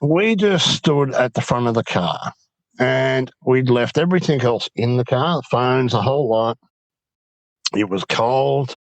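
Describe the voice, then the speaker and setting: Australian man, animated storyteller, mid-pitched voice, dry close sound. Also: unhurried, no echo, low-quality recording. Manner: animated storyteller, quoting himself and others. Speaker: interview guest. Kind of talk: telling an encounter story.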